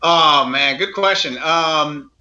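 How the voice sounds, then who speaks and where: Middle-aged male guest actor, bright higher voice, lively storyteller, lo-fi podcast sound. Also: slow. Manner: animated storyteller, acts out voices, laughs often. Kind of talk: casual podcast chat.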